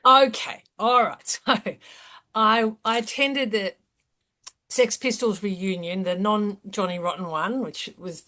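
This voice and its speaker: A middle-aged woman in a band, telling a story in an animated, salty way with lots of laughing. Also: medium pitch, slow pace. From Australia. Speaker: band member. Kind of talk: casual interview storytelling.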